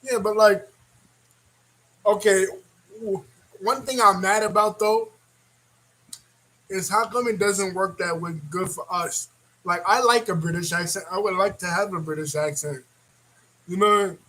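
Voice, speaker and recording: A man hosting a reaction video, talking in a rambling, animated way and laughing often. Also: high voice, measured pace, pauses often, rough recording. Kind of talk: casual reaction commentary.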